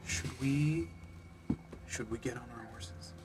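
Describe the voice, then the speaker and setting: A man's voice: mid-range voice, takes it slowly, background noise. A man playing at a tabletop game, chatting casually and swearing freely. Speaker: player.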